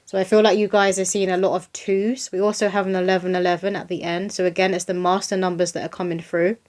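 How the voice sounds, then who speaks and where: A woman's voice: fairly low pitch, flat delivery, fast talker, a little mellow. A young woman giving a casual channeled spiritual reading to camera, earnest and reassuring, often repeating her points.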